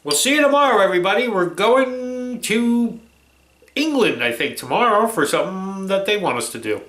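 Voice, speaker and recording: A man's voice: sits high, animated, moderate pace, fairly bright tone. Chatty man in an echoey kitchen. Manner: chatty and easygoing, keeps saying alrighty. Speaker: cooking vlog host. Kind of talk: casual cooking vlog chat. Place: home kitchen.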